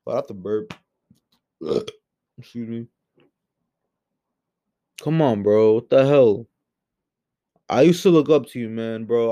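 Exasperated man ranting on his podcast. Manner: heated, profane, exasperated, big swings from low mutters to loud outbursts. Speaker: podcast host. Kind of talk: solo podcast rant.

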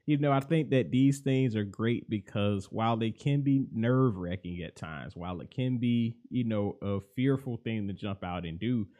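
A young man hosting a podcast, talking through faith and life in a mostly even, monotone way that livens up now and then. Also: fairly low pitch, normal speed, hardly any pauses. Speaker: podcast host and life coach. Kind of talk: reflective faith podcast monologue.

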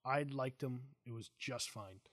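Middle-aged male host, mid-range voice, dry sound, animated and chatty storyteller. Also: medium pitch, measured pace, dry recording. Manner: animated storyteller, acts out quotes. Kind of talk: casual interview chat.

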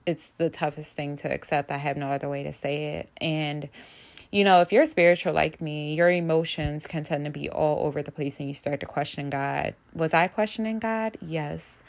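A woman's voice: low-pitched, steady tone, normal speed, creaky. A young woman talking straight to her viewers about a painful loss, earnest and emotional, holding back tears. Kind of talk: personal vlog about grief.

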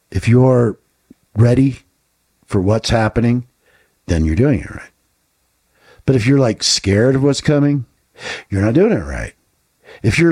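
A man's voice: medium pitch, darkish tone, husky. A man co-hosting a podcast, talking bluntly and swearing often, firing off rhetorical questions in casual talk. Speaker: podcast co-host.

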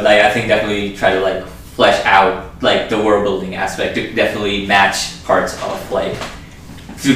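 A man's voice: on the low side, fairly bright tone, a little hiss or hum. A man discussing a film in casual talk, rambling with lots of fillers and restarts. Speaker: film podcast co-host. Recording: echoey room, voice far from mic.

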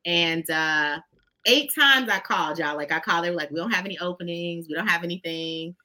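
Bright-voiced woman telling stories. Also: lowish voice, a little fast. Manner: expressive, folksy, addresses listeners as "y'all". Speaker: guest. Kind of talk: conversational storytelling.

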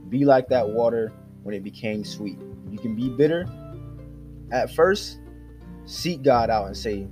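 Man, low voice, earnest devotional podcast teaching, faint guitar music behind. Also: moderate pace. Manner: earnest, exhorting, addresses listeners directly. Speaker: podcast host.

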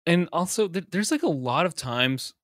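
A man co-hosting a casual movie podcast, relaxed and playful. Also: a little high, moderate pace, no echo, clean studio sound. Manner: casual, playful, acts out quotes. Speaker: podcast co-host.

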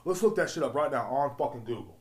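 A man's voice: mid-range voice, expressive, quick pace, a little mellow. A man ranting profanely and rambling as a podcast host. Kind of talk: casual solo rant. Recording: roomy echo.

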